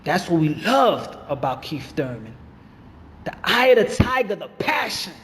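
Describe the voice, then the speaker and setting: A man's voice: high voice, sing-song, a little slow, a bit bright, big-room sound, slight background noise. A man hosting a boxing channel, ranting in fired-up, repetitive commentary.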